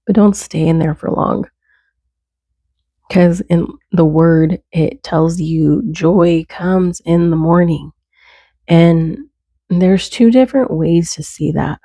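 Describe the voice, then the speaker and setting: A woman's voice: lowish voice, mellow, dry recording, studio quality. A woman giving earnest, conversational faith encouragement, stacking short repeated phrases. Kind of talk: casual faith talk to camera.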